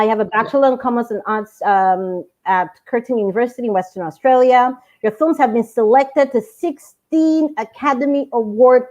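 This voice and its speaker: A woman's voice: on the high side, darkish tone, dull audio. A woman hosting a live online interview, bubbly and enthusiastic, laughing often. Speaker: host.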